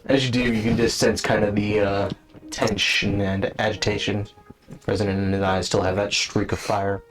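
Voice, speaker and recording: A man narrating as game master in a casual tabletop session, relaxed and joking. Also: lowish voice, normal speed. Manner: relaxed, joking, full of fillers.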